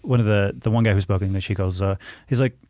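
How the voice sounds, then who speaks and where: A man's voice: on the low side, steady tone, fast talker, a little mellow, no room sound, clean studio sound. A man in his thirties, a podcast guest telling a casual story with lots of restarts and self-corrections. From United States.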